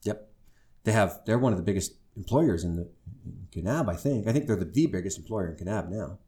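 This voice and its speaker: A man's voice: low voice, fairly quick. A middle-aged man telling his life story to a live audience, candid and wry, poking fun at himself. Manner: wry, self-deprecating, animated when quoting others.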